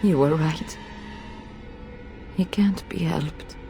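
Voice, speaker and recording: A woman's voice: fairly high pitch, slow, soft background music. An actress voicing a noble mother desperate to save her son, emotional and pleading, in a video game. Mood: resigned.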